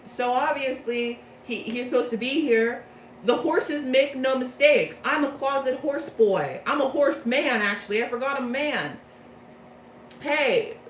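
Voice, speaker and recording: A woman's voice: high voice, fairly bright tone. A woman voicing a brash bird-man headmaster who talks in a pushy, blustering way, recorded in a roomy space. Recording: roomy echo, faint noise.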